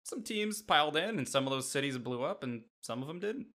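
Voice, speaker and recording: A man's voice: on the high side, animated, fairly quick, sharp tone. A man co-hosting a sports podcast, talking casually and rambling with lots of "like" fillers, from the Midwest. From Midwest United States. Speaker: podcast co-host.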